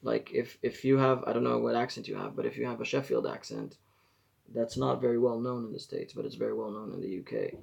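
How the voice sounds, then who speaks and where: Gravelly man rambling on a live stream. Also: medium pitch, lively intonation, brisk, a little mellow, dull audio. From Israel. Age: 40s. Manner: rambling, self-correcting, chatty advice.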